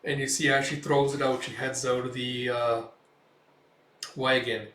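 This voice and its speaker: A man hosts a casual comic read-through in a mid-pitched voice. He retells scenes loosely with many fillers. The room is echoey and the mic sits some way back. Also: flat delivery, measured pace, fairly bright tone, far from the mic, slight background noise. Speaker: comic reviewer.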